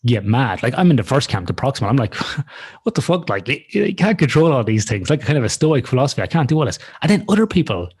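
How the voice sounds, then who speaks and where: A man's voice: mid-range voice, very animated, fast talker, darkish tone, husky. A man co-hosting a podcast in casual conversation, talking frankly and rambling through examples, with some swearing. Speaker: podcast co-host. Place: lives in Australia.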